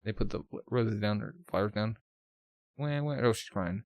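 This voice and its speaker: A man's voice: fairly low pitch, fairly even intonation, a little fast, vocal fry, no echo. A man reading a manga aloud, narrating casually with jokey asides and spoken sound effects. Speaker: manga reader.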